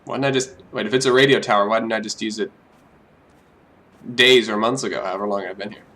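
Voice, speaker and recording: A man's voice: lowish voice, steady tone, fast talker, fairly bright tone. A young man joking his way through a game as let's play commentary, talking to himself with mock drama. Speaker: gaming YouTuber.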